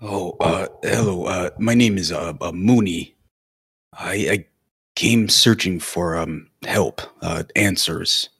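A man voicing a big, shy male adventurer who speaks in a hesitant, stammering, polite way, with a husky voice. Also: deep voice, slow pace, fairly bright tone, no room sound, clean studio sound, heavily acted. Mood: timid.

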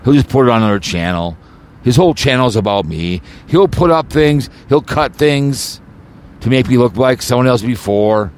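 A man's voice: medium pitch, expressive, moderate pace, slight background noise. A man hosting his own podcast, delivering an agitated, rambling rant full of repeats and stumbling restarts. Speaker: podcast host.

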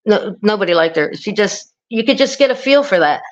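A woman's voice: mid-range voice, a little fast, soft background music. Middle-aged woman, podcast guest, rambling storytelling, slightly dull sound. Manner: rambling, many restarts, animated quoting. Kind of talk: casual storytelling.

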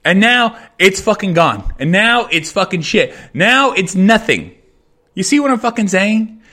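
A man delivers a furious podcast rant and swears almost every line. His voice sits high and sounds bright and tense. He circles back to the same phrases again and again. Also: big pitch swings, a little slow. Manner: heavy swearing, repetitive, furious. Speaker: podcast host. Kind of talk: angry rant.

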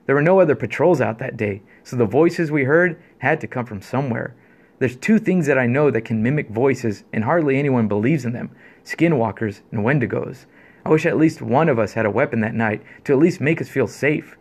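A man's voice: mid-range voice, brisk. Laid-back man reading a story. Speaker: podcast co-host. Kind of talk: reading a listener story aloud, then casual chat.

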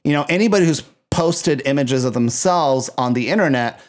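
A man's voice: mid-range voice, animated, moderate pace. A man in easy podcast conversation, his voice sitting in a middle register. He wanders through his points with frequent fillers and restarts. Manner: rambling, many fillers and restarts. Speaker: podcast co-host. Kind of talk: casual chat.

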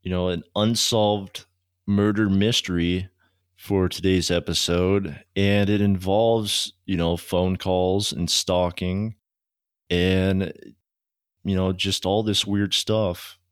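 A man's voice: low-pitched, level tone, slow pace, clean tone, no echo, studio quality. A man hosting a podcast, telling a story in a laid-back, profane, chatty way. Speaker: podcast host. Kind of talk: casual storytelling.

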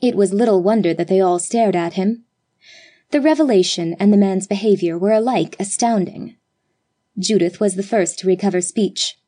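A woman narrating a classic story aloud in a measured, expressive reading style. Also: mid-range voice. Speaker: audiobook narrator.

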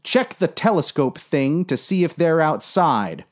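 A man's voice: fairly high pitch, big pitch swings, a little slow. A man voicing a solemn middle-aged male submarine captain with a grave, ponderous delivery.

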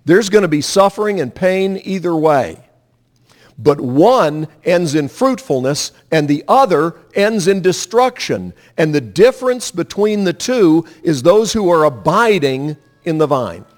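A man's voice: fairly high pitch, sing-song, a little slow. A man preaching a sermon, emphatic and drawing the congregation into repeating lines after him. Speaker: pastor.

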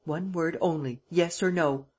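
A reader voicing a cunning gentleman thief who presses a bound prisoner in a harsh, insistent way, in an audiobook. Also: medium pitch, fairly even intonation, measured pace, breathy edge. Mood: menacing.

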